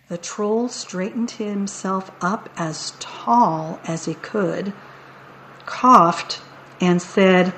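A woman reading picture books aloud as a storyteller, in a playful, expressive way. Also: medium pitch, extremely slow, poor audio. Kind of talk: picture book read-aloud.

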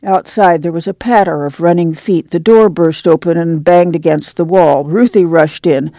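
Mellow-voiced woman reading aloud. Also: on the low side, no echo. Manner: measured, even storytelling. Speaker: radio book reader. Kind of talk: scripted narration.

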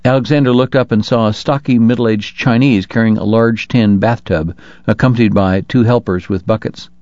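A man reading an audiobook in a measured, even way. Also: on the low side, no room sound. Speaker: narrator. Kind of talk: audiobook narration. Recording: dull lo-fi dry recording.

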